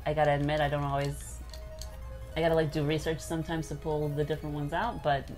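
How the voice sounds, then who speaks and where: A woman chatting casually on a game stream, rambling and quick to laugh. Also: low-pitched, flat delivery, a little mellow, soft background music. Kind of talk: casual chat.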